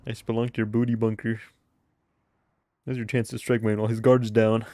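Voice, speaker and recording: A man's voice: fairly low pitch, flat delivery, moderate pace, mellow, a little hiss or hum. A man streaming a video game, joking and rambling in casual commentary and laughing often.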